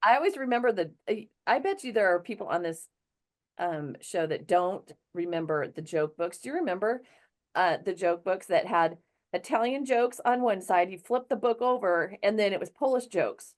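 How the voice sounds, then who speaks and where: A middle-aged woman hosting a show, chatty and quick to laugh in casual talk. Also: medium pitch, lively intonation. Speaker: show host. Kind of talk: casual chat.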